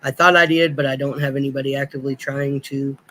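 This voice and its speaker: A man's voice: mid-range voice, little pitch movement, fast talker, sharp tone, slight background noise, poor audio. A man hosting a casual livestream from a home setup, hesitant and thinking aloud with many fillers. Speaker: livestream host.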